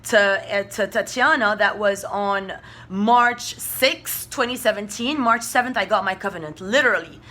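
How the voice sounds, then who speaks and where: Woman, bright tense voice, rambling, profane, emphatic. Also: mid-range voice, moderate pace. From Russia. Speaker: spiritual vlogger. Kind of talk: rambling monologue.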